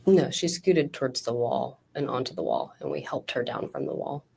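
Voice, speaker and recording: A woman's voice: rumbling low, big pitch swings, normal speed, creaky, warm tone, husky. A woman, an ICU nurse, testifying as a witness in court, answering in short, terse replies. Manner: terse, mostly one-word answers.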